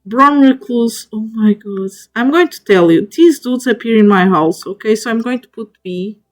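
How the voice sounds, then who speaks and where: A woman's voice: fairly high pitch, moderate pace. A woman streamer chatting casually to viewers, gushing over each animal she ranks and talking to them directly, often stopping and restarting mid-word. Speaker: streamer ranking spiders in a tier list.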